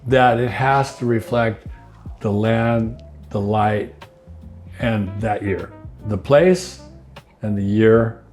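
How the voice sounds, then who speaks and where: Older man, easygoing and mellow. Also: on the low side, slow, long pauses, soft background music. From United States. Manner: easygoing, rambling, restarts phrases, chuckles often. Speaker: winery owner interviewee. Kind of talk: relaxed conversational interview.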